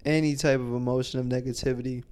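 A man co-hosting a podcast, telling a story in a casual, profane way and acting out the quotes loudly. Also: mid-range voice, level tone, fast talker, background noise. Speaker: podcast co-host.

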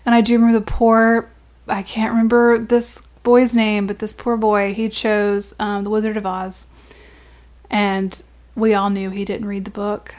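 A woman's voice: medium pitch, flat delivery, unhurried, darkish tone. A woman co-hosting a podcast, chatting casually and filling her speech with "like". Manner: chatty, many "like" fillers. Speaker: podcast co-host. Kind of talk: casual chat.

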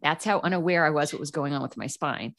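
Animated woman with a low voice telling her story. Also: fast. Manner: animated, acts out quoted voices, frequent fillers. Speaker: guest. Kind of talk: casual storytelling.

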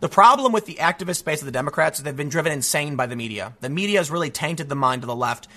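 Commentator: bright, high-pitched man with a lively, swooping delivery, sarcastic and a little congested. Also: fast. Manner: animated and sarcastic, with frequent mocking voices. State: stuffy from allergies. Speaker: political commentator. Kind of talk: casual opinion monologue.

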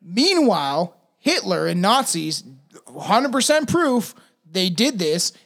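A man's voice: sits high, big pitch swings, slow, vocal fry, a bit bright. A young man co-hosting a casual podcast, rambling and crude with frequent laughs. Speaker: podcast co-host.

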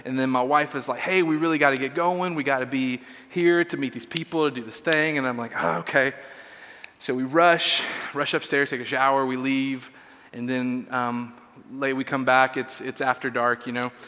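A man tells a sermon story in a loose, self-deprecating way, stumbling through fillers. His voice is bright and forward. It rings with the long reverb of a church hall. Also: mid-range voice, steady tone, normal speed.

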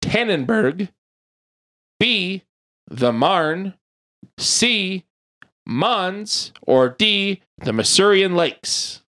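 A man hosting a casual podcast quiz, reading questions out slowly and joking with the players. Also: sits high. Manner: reads quiz options slowly, lively and jokey. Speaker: quiz host.

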